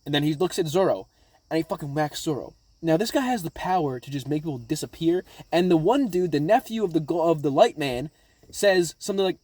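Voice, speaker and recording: A man casually recapping episodes of a show, rambling and excitable, swearing constantly. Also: on the high side, brisk, no echo. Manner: rambling, profanity-laden, excitable. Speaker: anime reaction vlogger.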